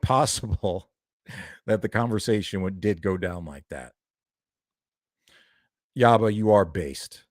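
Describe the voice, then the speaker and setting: A man's voice: on the low side, a little mellow, dry recording, studio quality. A young man doing a heated, profane reaction video, ranting and calling people out. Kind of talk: angry reaction commentary.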